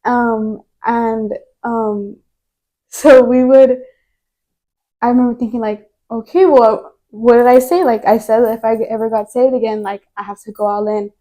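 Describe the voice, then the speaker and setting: A woman's voice: a little high, steady tone, measured pace, mellow. A young woman giving a personal faith testimony as a podcast guest, telling it earnestly in a rambling way full of filler words.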